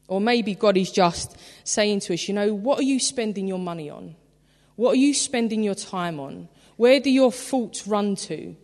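A woman preaching a sermon in a church, telling the story in a chatty, animated way with lots of "like". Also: mid-range voice. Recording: reverberant church hall.

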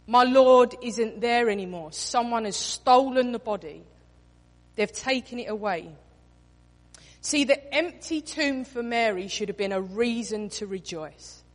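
A woman preaching a sermon, telling the story expressively and acting out quoted lines in different voices. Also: mid-range voice. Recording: reverberant hall.

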